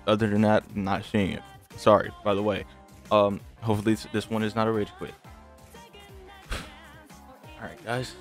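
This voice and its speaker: A young man giving casual gameplay commentary, trash-talking his opponent and swinging from grumbling to hype. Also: fairly low pitch. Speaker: gaming channel host. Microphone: desk mic with game audio.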